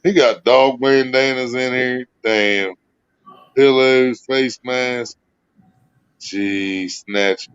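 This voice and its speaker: A man's voice: mid-range voice, steady tone, drawn-out words, clear, resonant tone, no room sound. Profane, laid-back man on a livestream. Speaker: livestream host. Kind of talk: casual chat. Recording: dull, dry lo-fi stream audio.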